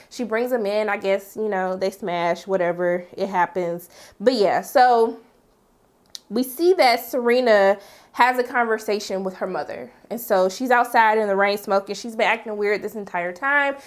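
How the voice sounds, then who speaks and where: A woman talking through a TV episode in a relaxed, chatty way. She retells each scene with lively energy and drops sassy asides to her viewers. Her voice sits at an ordinary middle pitch. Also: normal speed. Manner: chatty, animated retelling with playful sass. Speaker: TV reviewer. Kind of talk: casual recap and review.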